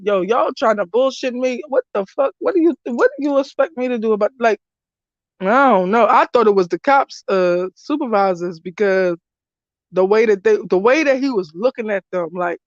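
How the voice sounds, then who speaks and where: A woman's voice: medium pitch, dry recording. A woman giving casual spoken commentary as a spiritual reader, blunt, emphatic and freely swearing. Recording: dull lo-fi dry recording.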